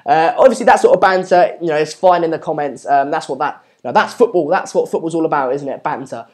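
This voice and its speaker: A man's voice: on the high side, fast. Chatty young man hosting a football watchalong. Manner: chatty, lots of ums, urges viewers to subscribe. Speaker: live stream watchalong host. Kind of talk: live football watchalong commentary, reading chat.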